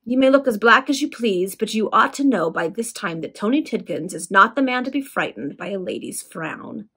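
A woman reading a gruff menacing grave robber. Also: medium pitch, lively intonation, normal speed, a bit bright. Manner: gruff, coolly threatening. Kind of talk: casual read-aloud of a Victorian serial.

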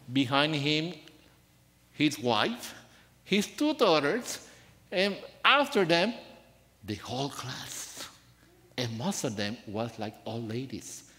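Soft-spoken preacher in a reverberant church. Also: male voice, a little high. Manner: soft-spoken, earnest storytelling with rising emphasis. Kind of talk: sermon. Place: church sanctuary.

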